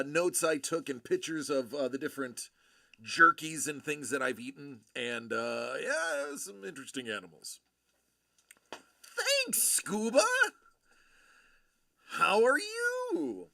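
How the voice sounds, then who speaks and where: A man hosting a livestream, chatting casually with viewers in a rambling, friendly way full of fillers and shout-outs. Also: on the high side, expressive, normal speed, gravelly. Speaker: livestream host.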